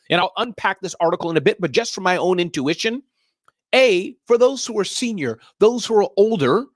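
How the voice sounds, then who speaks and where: A man's voice: sits high, dry recording, clean studio sound. A middle-aged man hosting a live business show, riffing energetically and giving emphatic warnings. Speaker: show host.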